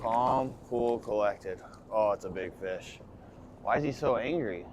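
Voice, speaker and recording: A man commercial fishing on a boat, live-streaming to his chat and swinging from hyped shouts to low muttering. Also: unhurried, a little hiss or hum.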